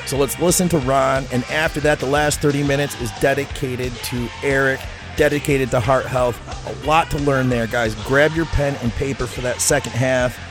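A man's voice: mid-range voice, steady tone, moderate pace, music in the background. A man hosting a fitness podcast, upbeat and hyping the show, swearing casually as he introduces his guests and asks questions. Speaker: podcast host. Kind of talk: energetic show intro and interview.

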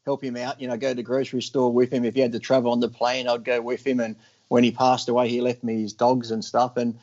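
A man telling gym stories in casual chat, acting out other people's lines in loud bursts. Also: medium pitch, little pitch movement, fast, dull audio. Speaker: podcast guest.

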